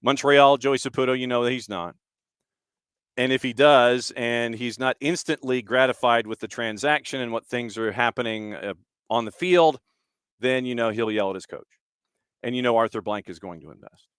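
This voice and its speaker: A man's voice: mid-range voice, normal speed, fairly bright tone, clean tone, no room sound, studio quality. A man hosting a soccer talk show, giving casual, opinionated commentary and asking rhetorical questions. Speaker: soccer podcast host.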